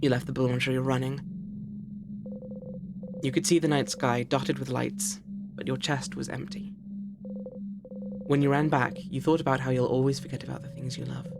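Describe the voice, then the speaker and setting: A woman's voice: a bass voice, steady tone, moderate pace, vocal fry, long pauses, background noise. A woman streamer reading game text aloud expressively in a voice-acted playthrough, with playful asides.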